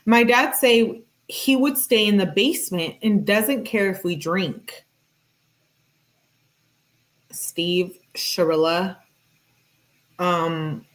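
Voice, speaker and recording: A woman hosting a casual true-crime commentary, reading out text messages and reacting in a chatty way, full of "like" and quick laughs. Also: on the low side. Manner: chatty, filler-heavy with frequent "like", laughs often. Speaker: true-crime YouTuber host.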